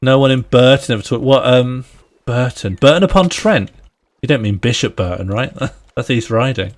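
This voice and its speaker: A man's voice: mid-range voice, moderate pace. A man live-streaming a video game, chatting playfully with his viewers and friends, laughing often and talking to himself as he plays. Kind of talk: casual live-stream chat while gaming.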